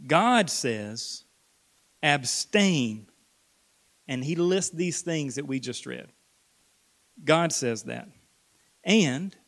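A man preaching a sermon in an earnest way, repeating words for emphasis and dropping to a hush on key points. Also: fairly high pitch. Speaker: pastor.

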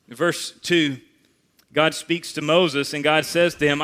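A man preaching a sermon in a bright, forceful voice that sits a little high. He leans hard on key phrases and repeats them for weight. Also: flat delivery, slow pace. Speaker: pastor.

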